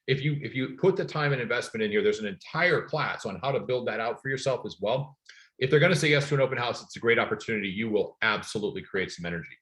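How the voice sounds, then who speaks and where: Fast-talking energetic real estate trainer, man. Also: mid-range voice. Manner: energetic, storytelling, emphatic. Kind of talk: live online sales class.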